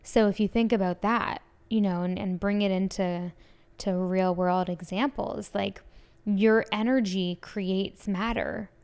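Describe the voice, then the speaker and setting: A woman in her twenties talks casually to her podcast listeners, eager and effusive. Her voice is smooth and clean, sitting at an everyday middle pitch. She strings thoughts together with plenty of "like" and "um". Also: fairly even intonation, a little slow, darkish tone. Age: 20s. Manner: gushing, enthusiastic, many "like" fillers. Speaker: podcast host. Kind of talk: casual solo podcast chat.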